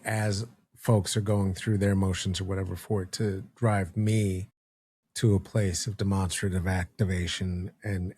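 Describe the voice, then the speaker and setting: A man co-hosting a podcast, speaking in a halting, thoughtful way with many fillers and restarts. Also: sits low, dark tone, no room sound, clean studio sound. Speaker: podcast co-host. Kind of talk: casual podcast conversation.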